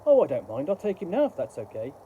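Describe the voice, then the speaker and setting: A man's voice: a little high, wildly swooping pitch, fast, dark tone, lo-fi sound, slight background noise. A British man voicing an eager woman customer in a pet shop while telling a joke.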